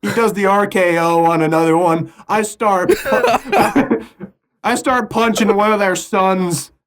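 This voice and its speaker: A man's voice: sits high, slow pace, fairly bright tone. A young man co-hosting a podcast, telling a made-up story in a rambling way and laughing through it. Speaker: podcast co-host. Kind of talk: casual comedic storytelling.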